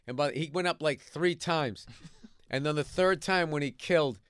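A male comedian telling stories in a casual radio studio chat, profane and animated, with a throat a little rough from a cigar. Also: a little high, normal speed, no echo. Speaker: comedian guest.

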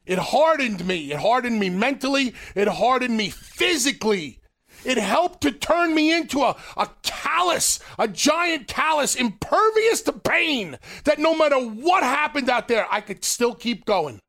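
A middle-aged man, a podcast co-host and retired wrestler, telling a story in an animated, emphatic, profane way. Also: very high-pitched, a little slow. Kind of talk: casual storytelling chat.

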